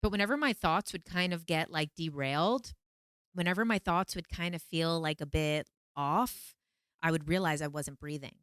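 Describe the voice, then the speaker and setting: A woman vlogger telling a personal story in a casual, animated way, acting out her own pleading lines in a higher voice. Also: normal speed, clean tone, no echo, clean studio sound. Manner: animated, quotes herself in pleading high voice.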